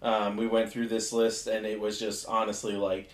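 A man's voice: fairly low pitch, monotone, normal speed. A young man from the northeastern US with a Jersey-Philadelphia accent, co-hosting a casual podcast chat and often trailing off and restarting his sentences. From northeastern United States. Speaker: podcast co-host. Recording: roomy echo.

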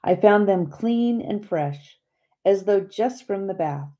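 A woman reading an audiobook chapter aloud in a slow, measured way. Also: mid-range voice, expressive, muffled recording. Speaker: audiobook reader. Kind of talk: scripted audiobook narration.

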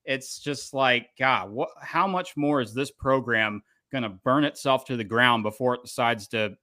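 A man hosting a podcast, giving opinionated, animated takes in casual chat. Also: mid-range voice, normal speed, dry recording, clean studio sound. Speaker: podcast host.

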